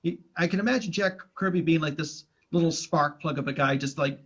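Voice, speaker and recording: A man with a slightly raised pitch talks casually on a podcast, circling his points with fillers and restarts. The recording sounds dull and lo-fi. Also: a little fast, a bit bright. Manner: rambling, many restarts and fillers. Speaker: podcast co-host. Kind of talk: casual chat about old cartoons.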